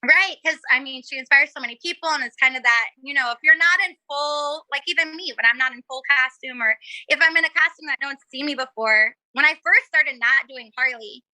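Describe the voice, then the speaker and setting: A young woman with a high, very bright voice chats as a podcast guest. She is bubbly and giggly and acts out the lines of people in her stories. The sound is close and dry. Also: fairly quick, no echo, rough recording. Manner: bubbly, giggly storyteller acting out quotes. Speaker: cosplayer guest. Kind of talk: casual podcast chat.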